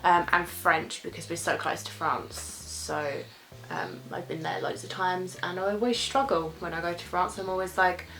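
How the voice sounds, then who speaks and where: A woman's voice: fairly low pitch, moderate pace, a bit bright, poor audio. A young British woman chatting casually as she answers viewer questions in a vlog, rambling and sometimes losing her train of thought.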